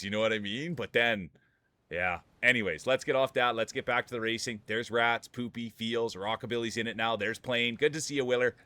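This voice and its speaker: A man's voice: mid-range voice, brisk, pushed and bright, no room sound. A man streaming live, commentating marble races and bantering with chat, rambling and laughing often as he jokes.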